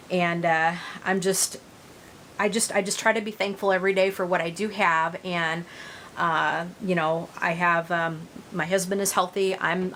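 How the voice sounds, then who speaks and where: A woman's voice: fairly low pitch, fairly bright tone, slight background noise. Rambling middle-aged woman chatting to viewers. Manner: rambling, many fillers and restarts. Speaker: reborn doll vlogger. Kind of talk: casual chat to viewers.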